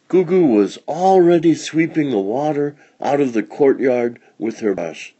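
Male storyteller, children's read-along, warm dark tone, animated delivery. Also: medium pitch, a little slow, hardly any pauses, breathy edge, lo-fi sound. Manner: expressive, lively storytelling.

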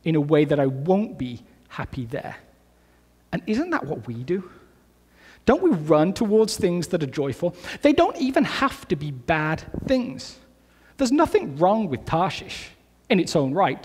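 A man preaching a sermon in a relaxed, conversational way, full of asides and restarts. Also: sits high, slightly rough, long reverb tail. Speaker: pastor. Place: church sanctuary.

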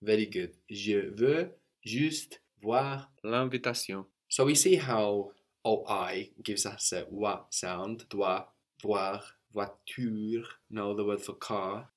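A man's voice: on the low side, slow. A man teaching a language lesson, explaining step by step in a patient way and often checking in with a questioning "no?".

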